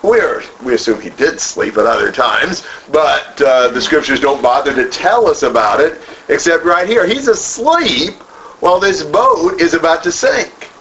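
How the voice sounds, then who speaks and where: A man's voice: on the high side, lively intonation, a little slow, fairly bright tone. A man leading a group Bible study, who asks questions, then repeats and expands on the answers. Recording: dull lo-fi room recording with faint noise.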